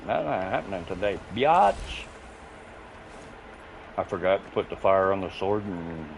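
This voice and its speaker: His voice is fairly low, with vocal fry. He's a gaming streamer swapping crude, rambling stories for gameplay, laughing in bursts and swearing freely. Audio is muffled and lo-fi against a noisy background.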